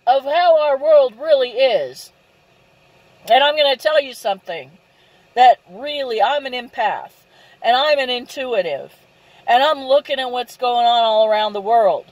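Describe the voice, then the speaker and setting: A woman's voice: high voice, animated, measured pace, no echo, rough recording. A woman ranting angrily straight to her audience, indignant, asking rhetorical questions and repeating "okay?". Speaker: vlogger. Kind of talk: angry direct-to-camera rant.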